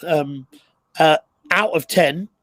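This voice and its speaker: Chatty man, fairly high voice. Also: slow, a bit bright, dry recording, rough recording. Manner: storytelling, many fillers and restarts. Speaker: co-host and recruiter. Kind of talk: casual live chat.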